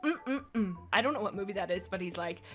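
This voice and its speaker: Brief: animated woman reading fanfic, jokey asides, faint music underneath. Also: mid-range voice, fairly quick. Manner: animated, giggly, joking asides.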